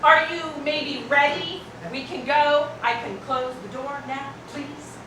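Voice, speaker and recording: A woman's voice: high voice, fairly even intonation, slow pace. Improv: woman playing sarcastic bus driver, far from the mic, noisy room. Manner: sarcastic, needling. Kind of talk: live improv comedy. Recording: echoey club from far off.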